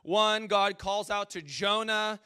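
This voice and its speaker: Male pastor with a high, crisp voice, preaching casually with jokes; dry, close sound. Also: slow pace, bright, forceful tone, no room sound. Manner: casual, joking, asks the audience questions. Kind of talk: conversational sermon.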